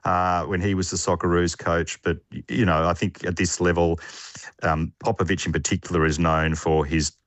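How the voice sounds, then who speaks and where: Deep-voiced Australian sports reporter, halting. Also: male voice, flat delivery, no echo. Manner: hesitant, many fillers and restarts. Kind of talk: radio phone-in report.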